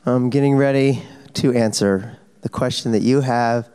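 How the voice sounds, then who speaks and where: A man's voice: mid-range voice, fairly even intonation, normal speed, mellow, clean tone. A man on a fan convention panel, telling a casual story with lots of fillers, self-corrections and laughs. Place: convention panel hall, on stage.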